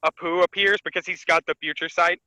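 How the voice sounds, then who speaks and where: A man co-hosting a casual podcast, retelling a comic chapter in an animated way and laughing often. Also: sits high, a little fast, dry recording, rough recording. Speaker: podcast co-host.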